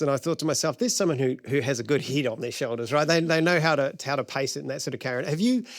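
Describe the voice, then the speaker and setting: A man's voice: a little high, no echo, studio quality. A man with a New Zealand accent hosting a live running podcast show, chatty and teasing. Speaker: podcast host.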